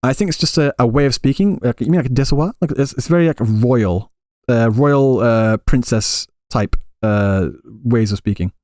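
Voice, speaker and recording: A man's voice: mid-range voice, moderate pace, darkish tone, no echo. A male streamer living in Japan answering live chat questions in a casual, rambling way with many restarts. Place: Japan, Kansai area.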